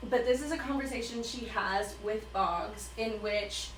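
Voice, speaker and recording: A woman giving casual, profane commentary on books, retelling scenes with quick character quips. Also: medium pitch, echoey room, distant mic, a little hiss or hum, low-quality recording. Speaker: book commentator.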